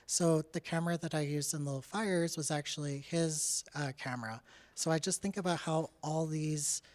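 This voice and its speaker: At normal speed and in a steady, darkish, mid-level voice, a young Canadian artist gives a loose, candid talk about their own artwork. The talk is chatty and packed with "like" and "uh," with a laugh slipping in from time to time.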